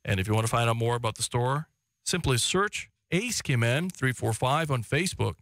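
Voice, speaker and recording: A man's voice: medium pitch, lively intonation, moderate pace, fairly bright tone. A man hosting a talk radio show, easygoing and joking as he moves into a live ad read.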